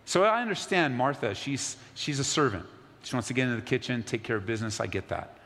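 A man preaching a sermon as pastor, earnest, sometimes dropping to a soft, near-whispered voice. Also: medium pitch, expressive, brisk. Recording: long hall reverb, faint ambience.

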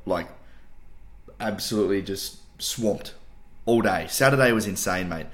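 Australian man, low pitch, casual hungover podcast chat, swears and laughs a lot. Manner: swears freely and laughs often. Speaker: podcast co-host.

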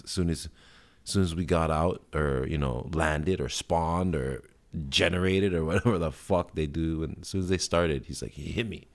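Very deep-voiced rambling podcast host. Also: male voice. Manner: rambling, laid-back, heavy swearing, frequent fillers and laughs. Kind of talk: casual solo podcast chat.

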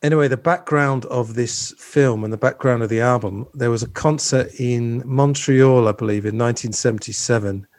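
A man's voice: mid-range voice, moderate pace, hardly any pauses, darkish tone, no echo. A man hosting a casual film discussion, talking loosely with many fillers and restarts. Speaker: podcast host.

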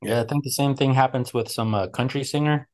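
Man, mid pitch, offhand, joking, casual podcast chat. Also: a little fast, darkish tone.

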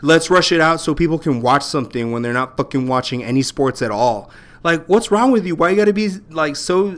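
A man with a fairly high voice argues hard in a loose podcast chat. He sounds exasperated and emphatic, swearing freely and calling his co-host "bro". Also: animated, fairly quick, fairly bright tone. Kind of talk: casual argumentative chat.

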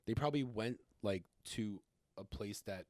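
Chill podcast dude, lowish voice, laughs a bunch, says like a lot, dry close mic. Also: male voice, normal speed, no room sound. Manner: chatty, laughs a lot, heavy use of "like". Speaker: podcast co-host. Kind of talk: casual chat.

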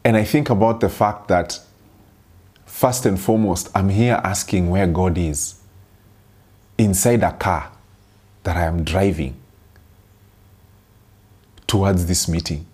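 A young man delivers a sermon in a somewhat low, husky voice. He speaks earnestly, telling a personal story and circling back on key phrases for emphasis. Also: takes it slowly, pauses often, darkish tone. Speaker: preacher.

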